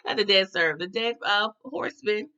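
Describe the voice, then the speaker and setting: A woman recapping a TV episode in an animated, slangy way, talking straight to her viewers. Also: medium pitch, fairly quick, clear, resonant tone, dull audio. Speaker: TV recap host.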